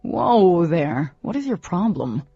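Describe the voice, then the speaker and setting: Cocky teenage boy in an audiobook, teasing and dismissive, low husky tone, dull recording, read by a woman. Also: big pitch swings, slow, dry recording, soft background music, heavily acted.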